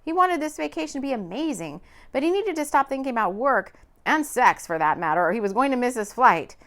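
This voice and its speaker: A woman narrating a romance audiobook in an expressive, lively reading. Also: a little high, brisk.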